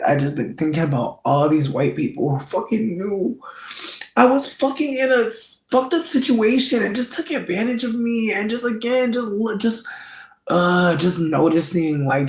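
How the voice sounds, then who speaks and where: An angry vlogger rants straight to the camera in a gravelly, creaky voice, swearing constantly. The voice dips into low mutters, then climbs into high, strained bursts. The room sounds echoey. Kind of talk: candid vlog rant.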